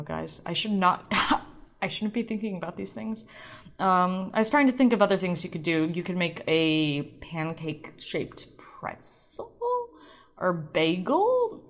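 Rambling, playful woman podcast host. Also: lowish voice. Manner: rambling, playful, self-deprecating. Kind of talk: casual solo podcast chat.

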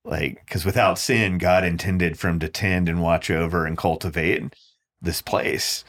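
A man's voice: deep voice, fairly even intonation, a little slow, fairly bright tone. A man co-hosting a podcast, talking through a Bible passage in a thoughtful, reflective way. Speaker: podcast co-host. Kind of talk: casual Bible discussion.

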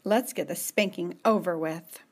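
A woman voicing a stern, commanding middle-aged woman who speaks in brisk, scolding orders. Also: fairly low pitch, a little mellow.

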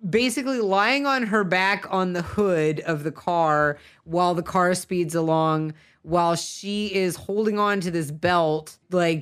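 A woman's voice: lowish voice, clear, resonant tone. A woman chatting casually about a film, sarcastic and full of restarts.

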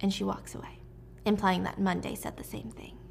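A woman's voice: mid-range voice, flat delivery, normal speed, gravelly, whispered. A woman casually recapping a film's plot in a chatty, dramatic way, with casual swearing. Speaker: movie recap vlogger.

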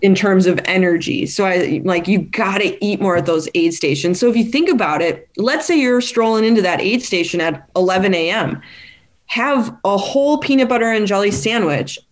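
A woman's voice: mid-range voice, expressive, normal speed. A woman speaking as a dietitian guest in a casual interview, chatty and laughing often. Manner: chatty, laughs often, many fillers and restarts.

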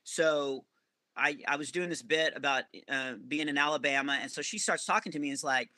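A male comedian telling rambling, animated stories as a podcast guest. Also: on the high side, fairly quick, no room sound. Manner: animated, rambling anecdotes with self-corrections. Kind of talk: storytelling podcast interview.

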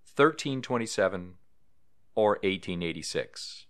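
A man with a very low voice hosts a podcast. He reads history and trivia aloud at an easy pace and drops in offhand comments. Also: normal speed, fairly bright tone. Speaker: podcast host. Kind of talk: casual podcast narration.

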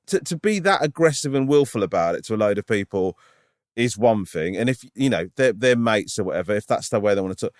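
A man with a fairly low voice that swings a lot in pitch, recorded close and dry. He is a comedian telling a story, full of "like" and restarts. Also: lively intonation, a little fast, no echo. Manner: rambling, lots of filler "like", indignant. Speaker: stand-up comedian. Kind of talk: casual podcast chat, anecdote.

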